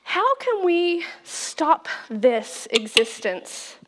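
Middle-aged woman preaching, tells stories, laughs a lot, high voice that jumps all over. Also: extremely slow. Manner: animated, laughing, acts out quoted voices. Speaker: speaker at a church talk. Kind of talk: storytelling sermon.

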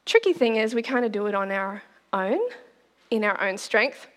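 In a church auditorium with long hall reverb, a woman pastor in her forties delivers a sermon at normal speed and medium pitch. She keeps it chatty and playful, breaking into laughter often.

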